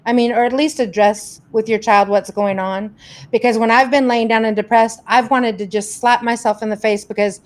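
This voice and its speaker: A woman hosting a casual live stream, chattily greeting viewers by name and reading their questions. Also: fairly high pitch. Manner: warm greetings, chatty, rambling. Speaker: host reading viewer comments.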